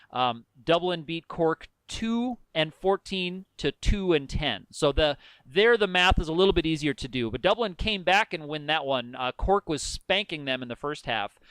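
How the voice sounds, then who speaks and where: A man with a fairly high, smooth and resonant voice, co-hosting a laid-back sports podcast. He explains rules and scores in careful detail. The sound is dry and close, with no room around it. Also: a bit bright, no room sound. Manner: explains at length, precise. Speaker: podcast co-host. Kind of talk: casual sports chat.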